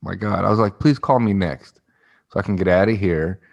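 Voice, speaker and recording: A man's voice: sits low, brisk, dull audio. A man co-hosting a podcast, casually telling a rambling story and acting out the people in it. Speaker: podcast co-host.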